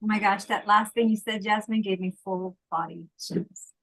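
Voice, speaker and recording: A woman's voice: medium pitch, fairly even intonation, normal speed, rough recording. A woman hosting an online group retreat, effusive and encouraging as she thanks a speaker and invites responses, over a video call. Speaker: retreat host. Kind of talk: facilitating an online group session.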